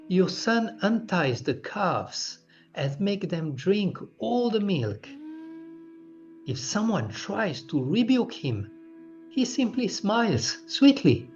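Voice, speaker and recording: A man's voice: sits high, darkish tone, full character voice. A man reading as complaining village women. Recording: dull lo-fi recording with faint music.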